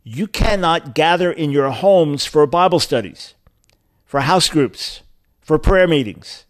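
A man's voice: fairly high pitch, expressive, slow, no echo. Male call-in radio host, punchy emphatic delivery, dry close sound. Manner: emphatic, rising to stress key words. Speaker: radio talk show host. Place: remote location.

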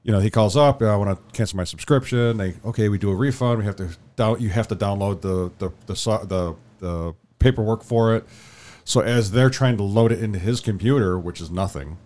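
A man's voice: on the low side, fairly quick, darkish tone. A man co-hosting a podcast, telling a story in casual chat and acting out the quotes. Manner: rambling storyteller, acts out quotes. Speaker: podcast co-host.

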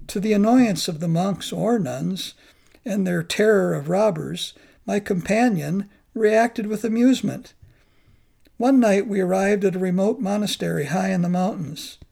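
Brief: male narrator, heavy vocal fry, husky and rough, steady reflective reading. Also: high voice, measured pace. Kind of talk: memoir audiobook narration.

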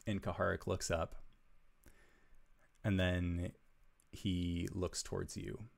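A man narrating as game master for a tabletop game in a slow, measured, hushed storytelling manner. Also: low-pitched, level tone, vocal fry.

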